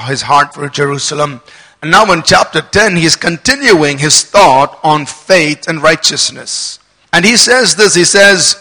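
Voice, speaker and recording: A man's voice: high-pitched, pushed and bright. A man preaching a sermon to a congregation, building emphasis and calling for responses. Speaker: pastor. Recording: long hall reverb.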